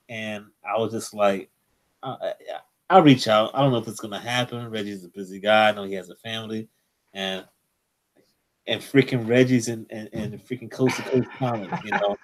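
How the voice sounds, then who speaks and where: A man's voice: on the low side, normal speed. A man hosting a live comics show, telling a story in a rambling way with many restarts. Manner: rambling, lots of restarts and fillers. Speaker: host. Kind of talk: casual live-stream chat.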